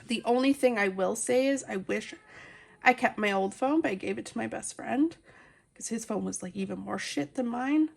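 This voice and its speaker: A woman's voice: a little high, normal speed, gravelly. A woman vlogging casually from home as she colors, chatting and rambling with lots of fillers, recorded on a phone. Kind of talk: casual chat while coloring. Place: at home, family nearby.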